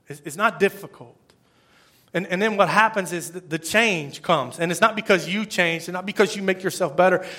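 A man preaching a sermon as pastor, conversational and swinging from hushed to emphatic. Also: a little high.

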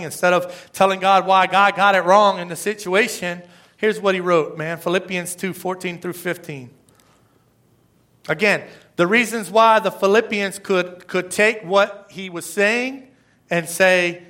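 Middle-aged male pastor, emphatic sermon delivery, tense bright tone, rhetorical questions. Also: sits high. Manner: emphatic preaching, repeats phrases and asks rhetorical questions.

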